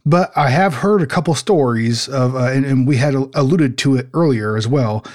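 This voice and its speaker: A man's voice: mid-range voice, moderate pace, a little mellow. A man in casual podcast conversation, rambling with lots of "like" and "you know" and some swearing.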